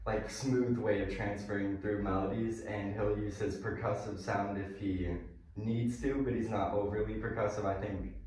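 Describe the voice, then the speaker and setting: Young male guest, lower voice, enthusiastic and rambly, distant mic, echoey room. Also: steady tone, normal speed, crowd noise. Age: young adult. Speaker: band guitarist, guest. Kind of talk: casual interview.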